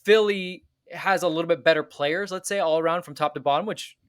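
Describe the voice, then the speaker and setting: A man co-hosting a soccer podcast, calmly breaking down tactics step by step in casual chat. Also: on the high side, fairly quick, dry recording, studio quality.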